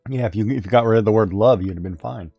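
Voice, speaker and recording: A man co-hosting a casual chat, explaining his points with deadpan humor. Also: fairly low pitch, fast, vocal fry, slightly rough, no room sound, muffled recording, soft background music. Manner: explaining, dryly joking.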